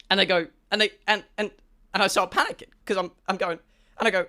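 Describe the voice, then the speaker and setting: High-voiced excitable man rambling. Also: fast. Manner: rambling, excitable, full of stammered restarts. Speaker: streamer. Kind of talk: storytime chat to a stream.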